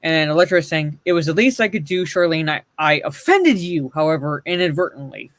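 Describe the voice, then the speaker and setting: A sarcastic man chatting casually on a show, his voice sitting somewhat high for a man. The sound is dry and close, with almost no room echo. He reads lines aloud and mocks them as he goes. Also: animated, a little fast, hardly any pauses. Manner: sarcastic, reads comic panels aloud, swears. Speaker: podcast co-host. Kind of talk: casual commentary chat.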